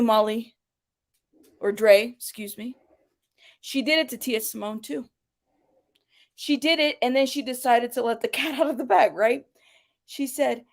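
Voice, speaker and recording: A woman's voice: on the high side, normal speed, creaky, pauses often. A woman hosting her own commentary channel, talking bluntly and sarcastically and swearing freely. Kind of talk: casual commentary.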